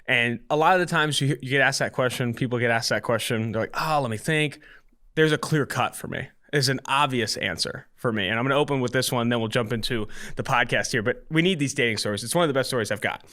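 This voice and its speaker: Fast, bright-voiced man telling a story. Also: mid-range voice. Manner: animated, quick storyteller. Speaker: podcast co-host. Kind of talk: casual podcast storytelling.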